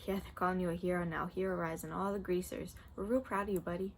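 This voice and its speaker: Woman reading hot-headed young male gang tough, tense, low gravelly voice, storybook reading. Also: steady tone, fast, a little hiss or hum.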